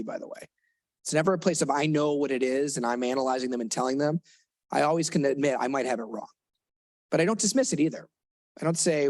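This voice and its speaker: A man's voice: fairly high pitch, a little mellow, no echo. A man speaking as a therapist in a live workshop for parents, earnest and conversational, now and then acting out what kids and parents say. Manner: earnest, conversational, acts out kid and parent lines. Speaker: therapist giving a parenting talk. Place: lecture room with an audience.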